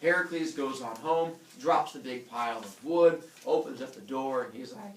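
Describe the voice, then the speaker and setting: A man telling a myth as a comic story, playful and animated, with his own sound effects. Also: medium pitch, normal speed, hardly any pauses, roomy sound, far from the mic, rough recording.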